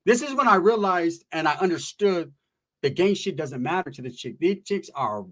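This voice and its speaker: A man's voice: fairly high pitch, moderate pace. A man from Northern California telling a wild personal story in casual street slang, swearing freely and acting out the voices of the people in it. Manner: animated, profane street slang, acts out voices.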